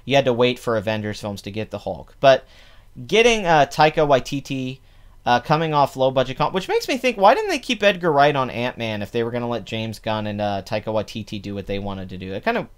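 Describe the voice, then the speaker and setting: A man's voice: medium pitch, sing-song, fairly quick, clean tone. A man hosting a casual box office commentary, opinionated and rambling, with many fillers and restarts. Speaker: podcast host.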